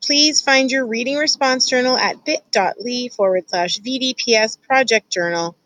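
A woman's voice: on the high side, moderate pace, slight background noise, low-quality recording. Woman reading a storybook aloud. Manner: warm, confiding, addresses the listener directly. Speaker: teacher reading aloud to students. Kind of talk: expressive read-aloud storytelling.

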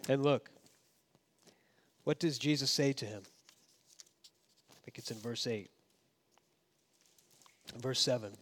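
A man preaching a sermon as pastor, swinging between emphatic raised passages and hushed, low asides. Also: slow pace, pauses often.

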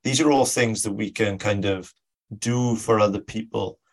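Low-voiced supportive male host. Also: fairly even intonation, moderate pace. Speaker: podcast host. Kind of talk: interview questions.

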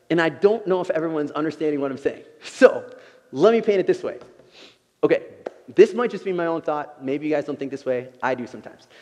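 A man preaching a sermon in an unhurried, conversational way, often saying "you know". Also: on the high side, mellow, in a large hall.

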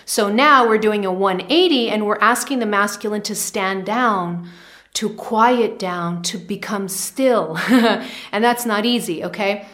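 A woman's voice: medium pitch, a little slow, fairly bright tone. A woman giving a spiritual teaching monologue to camera, repeating phrases for emphasis and often checking in with okay.

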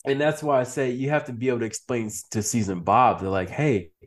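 A man's voice: medium pitch, fast talker. A man as an interview guest, speaking casually with frequent laughs and restarts, acting out quoted lines. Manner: animated, laughs often, many restarts; acts out quoted speech. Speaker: podcast guest.

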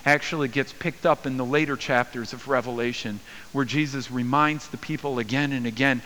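A man's voice: medium pitch, normal speed, pushed and bright. A man preaching a sermon as pastor, earnest, his voice lifting when he speaks quoted words. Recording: long hall reverb.

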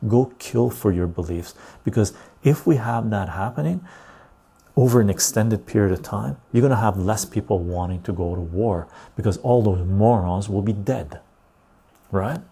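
A low-pitched man with a dark, rough, fry-edged voice hosts a casual talk show. He tells stories and rants bluntly, often tagging his points with "right?". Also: normal speed. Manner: blunt, ranting, loose storytelling with frequent "right?". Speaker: podcast host.

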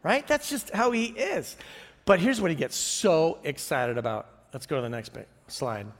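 Middle-aged pastor guy preaching, high voice, lots of chuckles and questions to the crowd, echoey church hall. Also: normal speed. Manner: lively storytelling with frequent chuckles and audience questions. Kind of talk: sermon. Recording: reverberant hall.

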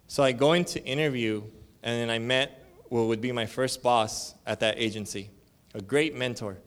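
A man's voice: medium pitch, moderate pace, fairly bright tone, smooth. Man preaching in a casual storytelling voice. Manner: casual storytelling with slang and fillers; acts out dialogue with shifting voices. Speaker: church elder. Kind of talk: conference sermon.

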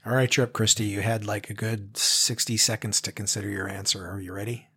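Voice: sits low, fairly even intonation, brisk, bright, forceful tone, husky. A playful interviewer in casual chat, teasing the hosts and setting up questions.

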